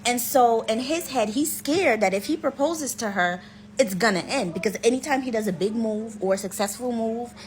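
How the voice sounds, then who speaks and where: A woman with a somewhat high voice tells a story in a relaxed, talkative way. She drops in "y'all" and asides like she is talking to friends. A light hiss sits under the voice. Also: normal speed, low-quality recording. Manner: chatty, informal, says "y'all". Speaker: storyteller and author. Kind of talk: casual story time.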